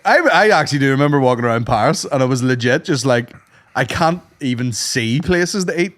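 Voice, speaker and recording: Give me a man telling loose, profane stories on a comedy podcast, with an expressive, up-and-down delivery. His voice is mid-pitched and recorded dry and close, with no room sound. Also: fairly quick, no room sound. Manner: rambling, profane storytelling. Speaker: podcast co-host. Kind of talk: casual comedic chat.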